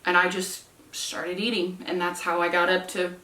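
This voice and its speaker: A young woman with a fairly low voice talks candidly about her own life, earnest and self-reflective. She sounds set back from the mic, and her voice rings in an echoey room. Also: little pitch movement, normal speed, sharp tone, distant mic. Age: 20s. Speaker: vlogger. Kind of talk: candid personal vlog chat. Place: room at home with candles lit.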